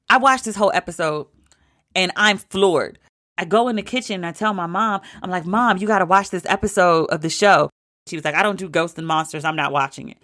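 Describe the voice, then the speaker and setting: A woman in her forties hosting her podcast alone, telling stories in an animated, emphatic way with lots of repetition. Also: fairly low pitch, dry recording, studio quality. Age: 40s. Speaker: podcast host. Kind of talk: casual solo podcast talk.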